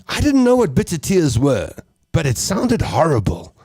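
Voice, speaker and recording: A man's voice: fairly high pitch, moderate pace, no room sound. A South African man hosting a comedy talk radio show, joking through listener messages and slipping into Afrikaans. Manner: animated, jokey, breaks into voices and laughter; mixes English with Afrikaans.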